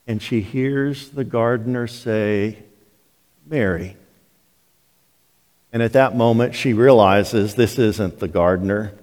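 An older man preaching a sermon as pastor, telling the story slowly and deliberately. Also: medium pitch, steady tone, a little mellow. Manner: slow, deliberate storytelling delivery. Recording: long hall reverb of a church.

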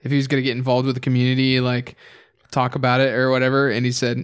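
A young man hosting a casual chat, animated and profane, who moves the talk to new topics. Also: mid-range voice, quick pace, hardly any pauses, smooth.

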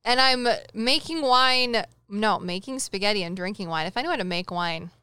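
A woman's voice: medium pitch, moderate pace, clear, resonant tone, dry recording. A woman co-hosting a chat show as a psychic medium, telling a story with jokes and acting out the dialogue. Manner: animated, jokey, acts out dialogue in quotes. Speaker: podcast co-host, psychic medium.

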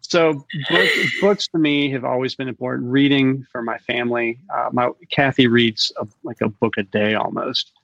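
A middle-aged man, an author guest, chatting casually and telling stories with quick asides and frequent laughter. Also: medium pitch, steady tone, vocal fry, fairly bright tone. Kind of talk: casual interview chat. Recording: dull lo-fi call audio.

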